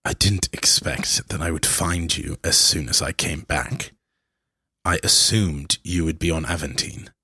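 A man's voice: extremely low pitch, a little slow, sharp tone, breathy edge, no room sound, clean studio sound, heavily acted. A man voicing a determined envoy bent on keeping the peace in a tabletop game, earnest and insistent.

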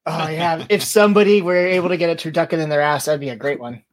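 A man co-hosting a podcast who trades crude, deadpan quips in casual comedic banter. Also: fairly high pitch, fast. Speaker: podcast co-host.

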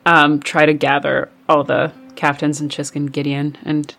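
A woman's voice: low voice, flat delivery, a little slow, vocal fry, a bit bright, faint music behind. A woman speaking as a player in a tabletop game, earnest and eager. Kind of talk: tabletop role-play.

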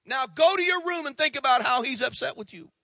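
Fed-up scolding mother, played by a male preacher, stern and high. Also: expressive, brisk, sharp tone, no room sound, studio quality, full character voice. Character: frustrated mother scolding her son.

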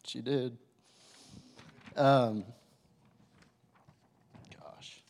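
A young man sharing a personal testimony with a live audience, in a casual, animated way full of filler words. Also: mid-range voice, drawn-out words. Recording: reverberant hall.

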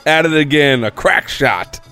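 A man's voice: a little high, animated, measured pace, pushed and bright, clean tone, soft background music. A man playing a tabletop game, making wry jokes in casual chat. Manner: joking, wry. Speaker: player.

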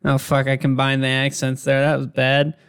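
A podcast host in casual chat, unhurried and self-mocking. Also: medium pitch, monotone, smooth.

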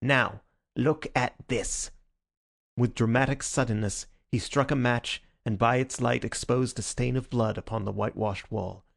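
A man narrating an audiobook in a steady, even reading style. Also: medium pitch, moderate pace, vocal fry, hardly any pauses, no echo, clean studio sound.

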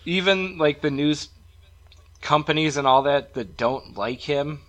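A man's voice: on the high side, unhurried, fairly bright tone. A man hosting a podcast, telling stories in a rambling, chatty way. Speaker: podcast host. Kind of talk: casual podcast chat.

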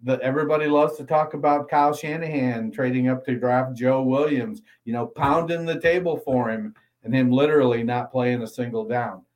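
A man co-hosting a casual football podcast, reading an ad and then giving steady analysis. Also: mid-range voice, low-quality recording. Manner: reads ad copy briskly, then analyzes steadily. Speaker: podcast co-host.

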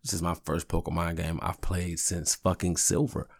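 A man in his thirties talks through a casual solo podcast in a very low voice with a gravelly, creaky edge. He rambles easily from one story to the next and swears freely. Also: flat delivery, moderate pace. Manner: rambling, profane, laid-back storytelling. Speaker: podcast host.

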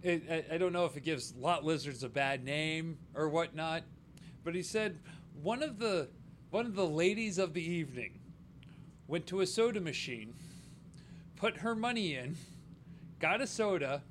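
A man's voice: on the high side, animated, normal speed, long pauses, a little hiss or hum. A man co-hosting a casual chat, retelling a story in an easygoing, hesitant way. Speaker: podcast co-host.

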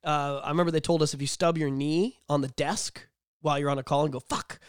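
A man's voice: on the high side, fast talker, clear, resonant tone, no echo, studio quality. A young man co-hosting a podcast, telling profane stories in casual chat and acting out the voices of people in them. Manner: animated storytelling, profane, acts out voices. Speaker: podcast co-host.

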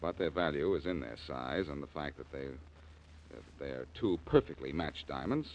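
An actor playing a cocky, wisecracking detective in a 1940s radio drama, trading quick sarcastic quips. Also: male voice, rumbling low, expressive. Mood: wry. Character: wisecracking reformed-thief detective, cool and cocky. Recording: dull old radio broadcast.

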